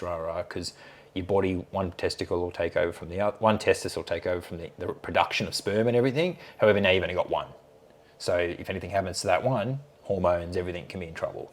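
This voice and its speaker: A man in his late thirties, a podcast guest telling a story in casual chat, animated and swearing freely. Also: low voice. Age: late 30s. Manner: animated, swears freely, acts out others' lines.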